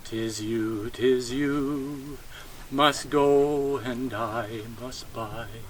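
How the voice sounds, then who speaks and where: A man singing a tender ballad slowly at an outdoor graveside. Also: mid-range voice, steady tone, a little hiss or hum. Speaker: funeral singer. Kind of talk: slow sung ballad.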